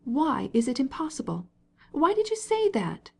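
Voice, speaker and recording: A woman's voice: huge pitch swings, moderate pace, vocal fry, darkish tone, heavily acted. A woman reading an audiobook, voicing an indignant, tearful young wife who insists on her point. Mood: insistent. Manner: pleading, insistent, raised pitch.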